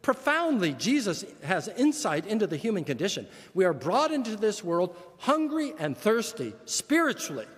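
Earnest older male pastor, high voice. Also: slightly rough. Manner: earnest, emphatic repetitions. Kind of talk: sermon. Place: church sanctuary. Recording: long church reverb.

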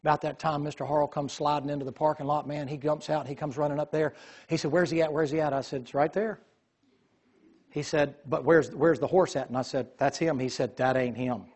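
A man telling a lively story in a sermon, acting out the voices of the people in it. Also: fairly high pitch, a little fast, husky. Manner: animated storyteller, quotes voices.

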